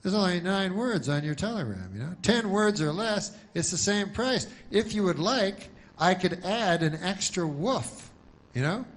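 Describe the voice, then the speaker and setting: Guy doing a helpful little telegram clerk, higher pitched, chatty. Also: expressive, unhurried. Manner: chatty and helpful, with filler "you know".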